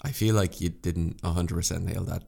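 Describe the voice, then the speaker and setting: A man's voice: sits low, steady tone, moderate pace, gravelly, mellow, husky. A man co-hosting a podcast, casual and self-mocking, drily poking fun at things and asking his co-host questions. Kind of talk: casual chat.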